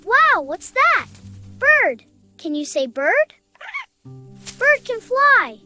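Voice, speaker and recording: Someone voicing a squeaky bright cartoon kid. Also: sing-song, extremely slow, soft background music, heavily acted. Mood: cheerful. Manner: sing-song, prompting listeners to repeat words. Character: cheerful little cartoon kid exploring nature. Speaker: teacher of animal names for toddlers. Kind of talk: children's educational cartoon narration.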